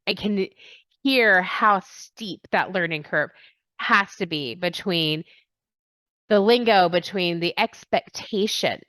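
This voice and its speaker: A woman's voice: lowish voice, takes it slowly, a bit bright, dry recording. A woman from Texas whose accent carries an English tinge, hosting a casual interview in a bubbly, rambling way. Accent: American with an English tinge from years in England. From Texas, USA. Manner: bubbly, rambling, laughs often. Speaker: podcast host.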